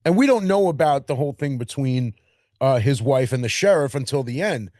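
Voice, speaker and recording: A man from Queens with a New York accent, co-hosting a casual film podcast and talking in long animated run-on stretches. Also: mid-range voice, brisk, no echo, studio quality. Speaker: podcast co-host. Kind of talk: casual chat.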